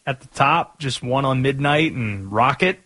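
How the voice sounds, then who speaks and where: A man's voice: mid-range voice, measured pace, pushed and bright. A man hosting a podcast, chatting casually and plugging the show. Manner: upbeat, wraps up with show plugs. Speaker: podcast host. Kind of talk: casual chat.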